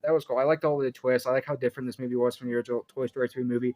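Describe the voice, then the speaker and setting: A man's voice: mid-range voice, flat delivery, rapid-fire, darkish tone, rough recording. A man in his twenties giving a casual, rambling spoken review from his own room at home, drifting from tangent to tangent in a chatty way. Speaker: YouTube reviewer.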